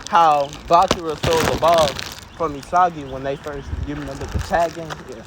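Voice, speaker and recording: A high-pitched man tells an improvised what-if story in a loose, joking way, tossing in playful insults and curses. Steady hiss sits under his voice throughout the recording. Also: fairly quick. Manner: casual, swearing, playful trash talk. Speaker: co-host.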